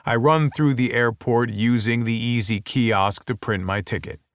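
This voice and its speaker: A man's voice: mid-range voice, fairly even intonation, a little slow, no echo, clean studio sound. A man narrating a romance audiobook in the first person, with a wry, intimate inner-monologue delivery.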